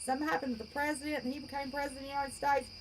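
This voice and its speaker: A woman's voice: high voice, level tone, racing, noisy background. A woman in her fifties hosting a livestream, chatting with viewers in a blunt, folksy, outspoken way. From West Virginia. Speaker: channel host. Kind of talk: livestream chat reading viewer comments.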